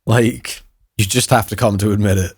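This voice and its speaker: A man's voice: on the low side, steady tone, moderate pace, breathy edge, no echo, studio quality. A man guesting on a casual comedy podcast, rambling, profane and laughing.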